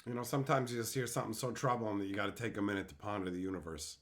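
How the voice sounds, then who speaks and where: A man's voice: on the low side, steady tone, racing. A young adult man streaming and reading chat aloud in casual talk, ranting with exasperated disbelief and frequent swearing.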